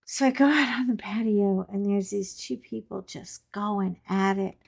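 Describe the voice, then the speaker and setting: A woman chats while she crafts, spinning lively, frank anecdotes for her viewers. She talks slowly and takes her time, at a middle pitch. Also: creaky. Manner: chatty, animated storyteller with frank asides. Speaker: crafting channel host. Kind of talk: casual storytelling chat while crafting.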